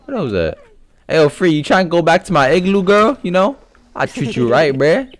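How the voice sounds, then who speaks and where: A man hosting a gaming video who plays a boastful rich penguin in voice chat, talking in a brash, mocking, trash-talking way with loud bursts. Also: fairly high pitch, sing-song, moderate pace. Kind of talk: in-game voice chat role-play.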